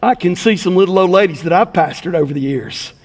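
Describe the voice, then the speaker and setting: A man's voice: high-pitched, expressive, quick pace, in a large hall. A middle-aged man pastoring a church, giving a folksy, conversational sermon with stories.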